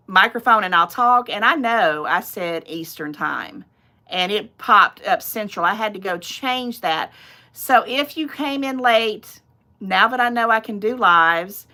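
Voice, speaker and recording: A woman's voice: medium pitch, sharp tone. A middle-aged woman hosting her own channel's livestream, chatting casually and rambling off on tangents. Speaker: channel host.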